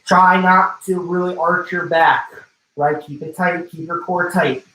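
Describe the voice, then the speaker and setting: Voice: medium pitch, steady tone, measured pace, bright, forceful tone, distant mic. A personal trainer, out of breath, coaching a livestream workout, calling out intervals and form cues with some joking. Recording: roomy, away from the mic.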